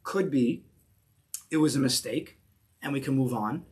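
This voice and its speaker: A man's voice: medium pitch, unhurried, a little mellow. A man teaching a Torah class in English mixed with Hebrew terms, emphatic and repeating key phrases as he builds to a point.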